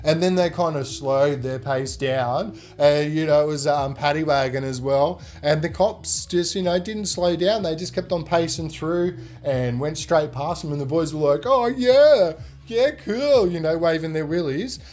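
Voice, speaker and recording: A man, a podcast guest telling stories in a loose, rambling way full of fillers, getting animated when he quotes people. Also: a little high, moderate pace, few pauses. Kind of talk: casual storytelling.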